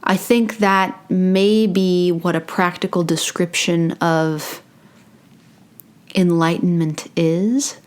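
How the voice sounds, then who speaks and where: A young adult woman channeling spirit in a casual talk to camera, playful and drifting into soft whispered asides. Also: lowish voice, fairly even intonation, slow pace. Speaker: spiritual channeler and meditation host.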